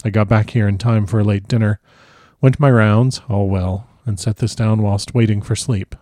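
A man narrating a classic novel in the first person with measured, formal diction. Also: fairly low pitch, steady tone, warm tone, dry recording, clean studio sound. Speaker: audiobook narrator.

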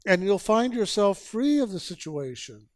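A man's voice: sits high, sing-song, dry recording, studio quality. A man giving a spiritual sermon as a teacher, urging listeners with repeated phrases and rhetorical questions. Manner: slow, repetitive exhortation with rhetorical questions.

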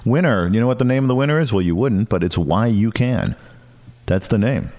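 A man's voice: on the low side, expressive, a little fast, darkish tone. A man co-hosting a podcast, chatting casually and jokily, rambling with plenty of fillers. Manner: rambling, jokey, lots of fillers. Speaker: podcast co-host. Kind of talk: casual comedic chat.

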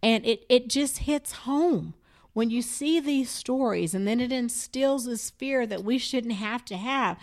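A woman's voice: on the high side, measured pace. A woman co-hosting a casual discussion, talking in an impassioned, emphatic way.

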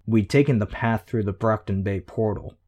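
A man reading a novel aloud in an even, measured first-person narration. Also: lowish voice. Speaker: audiobook narrator.

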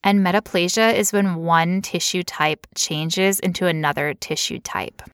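A woman co-hosting a casual health podcast, explaining medical ideas clearly with playful asides and frequent laughter. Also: on the low side, measured pace, fairly bright tone, no room sound, clean studio sound. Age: adult past teen years. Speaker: podcast co-host.

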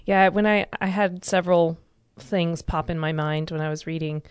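A woman's voice: lowish voice, fairly even intonation, moderate pace, clean tone, no room sound. A woman in her thirties telling a personal story in a casual group discussion, candid and emotional. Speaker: discussion participant.

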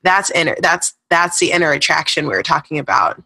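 A woman's voice: deep voice, expressive, a little fast, vocal fry, pushed and bright, slightly rough. A woman fitness coach, a guest on a podcast, talking in an upbeat, motivational coaching way. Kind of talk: casual interview chat.

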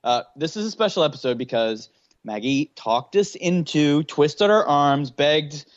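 A man's voice: a little high, lively intonation, unhurried, no echo, dull audio. A man co-hosting a podcast in casual chat, teasing and sarcastic. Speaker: podcast co-host.

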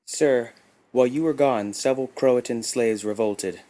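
A man's voice: mid-range voice, normal speed, dark tone, voice pushed up, close to an everyday voice. A man voicing a fearful male alien worker who stammers out his report. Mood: nervous.

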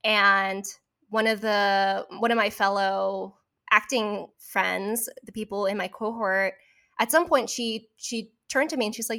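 A young woman from California talks in a thoughtful, halting way during a casual conversation, restarting her sentences often. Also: mid-range voice, steady tone, sharp tone. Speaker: actor, co-host.

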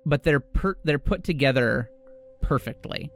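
A man's voice: medium pitch, unhurried, soft background music. Casual male game master. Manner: casual, filler-heavy narration. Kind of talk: narrating a tabletop game.

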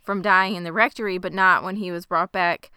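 A woman's voice: lowish voice, steady tone, brisk, sharp tone, clean tone, no room sound, clean studio sound. A woman co-hosting a podcast, recapping a TV episode in a wry, joking, casual chat. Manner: wry, jokey, questioning. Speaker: podcast co-host.

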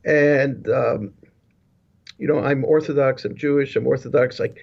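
A man's gravelly, medium-pitched voice moves at a measured pace with fairly even intonation as he tells his life story. He's a business leadership consultant being interviewed remotely by video, rambling with many restarts and asides, heard through dull lo-fi audio.

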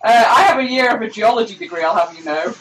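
A woman player chatting playfully and excitably over a video call while making her tabletop character. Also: on the high side, quick pace. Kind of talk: casual chat while creating a character. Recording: echoey room, noisy video call.

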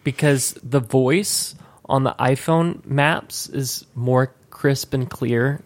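A man's voice: mid-range voice, slow. A man co-hosting a podcast, chatting casually and rambling with lots of restarts. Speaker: podcast co-host. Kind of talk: casual chat.

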